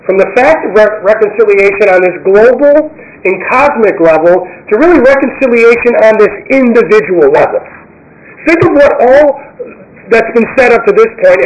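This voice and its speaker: A man preaching a sermon, emphatic, repeating key phrases and slowing down to read scripture. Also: sits high, muffled recording. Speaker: pastor.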